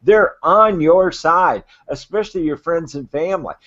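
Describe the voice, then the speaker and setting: Excited guy rambling advice over a muffled video call, fairly high voice. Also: normal speed. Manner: excited, rambling, self-described natural enthusiast. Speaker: crowdfunding adviser. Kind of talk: enthusiastic advice on a live web show.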